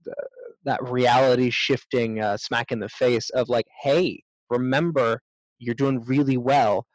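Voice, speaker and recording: A man's voice: medium pitch, no echo, rough recording. A man, a self-defense instructor, speaking as a guest in a casual interview, thoughtful and a bit rambling.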